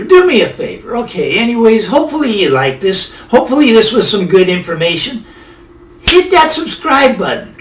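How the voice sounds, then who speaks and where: A man's voice: very high-pitched, fairly bright tone, reverberant, far from the mic. A man hosting a finance video, giving casual, emphatic market commentary that rambles and repeats itself.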